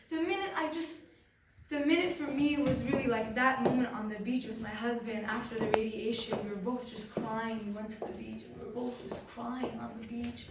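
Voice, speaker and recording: A woman speaking earnestly to a group in a question-and-answer session, filling her talk with "like" as she shares personal feelings. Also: sits high. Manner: earnest, emotional, lots of "like" fillers. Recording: very echoey room, far from mic, faint noise.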